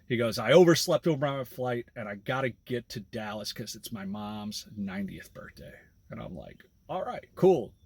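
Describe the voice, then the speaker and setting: Husky-voiced man telling a driving story. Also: medium pitch, no echo. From US Midwest. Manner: chatty, laughs while telling stories. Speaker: rideshare driver. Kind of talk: casual storytelling vlog. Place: in a parked car by a road.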